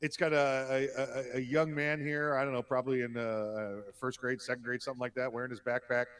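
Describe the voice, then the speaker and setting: A man's voice: mid-range voice, little pitch movement, fairly quick, a bit bright, smooth. A man co-hosting a casual political talk podcast, speaking plainly with short replies. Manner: plain, terse, reads ads. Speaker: podcast co-host.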